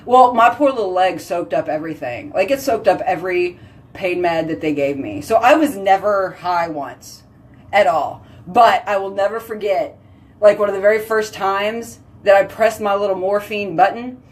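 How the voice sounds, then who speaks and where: Chatty woman host, casual and animated. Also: medium pitch, normal speed. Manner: chatty, heavy use of "like", animated exclamations. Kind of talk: casual chat with viewers.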